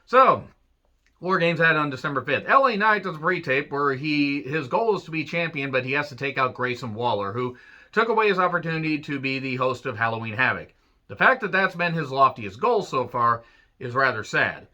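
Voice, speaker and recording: A man rambles through a casual solo review of a wrestling show, full of sarcastic asides and grumbling jokes. His voice is very bright and forward, sitting a little high for a man. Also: animated, fairly quick.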